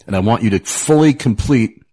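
A man's voice: medium pitch, expressive, a little fast, mellow, husky. A man hosting a radio talk show, chatting casually, often repeating words and laughing easily.

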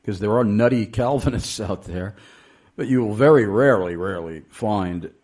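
A man with a notably deep, low voice hosts a radio interview. He speaks deliberately, pausing often and filling gaps with "uh" as he lays out his points. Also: darkish tone. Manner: deliberate, with frequent pauses and "uh". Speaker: radio show host. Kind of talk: interviewing a guest on a radio show.

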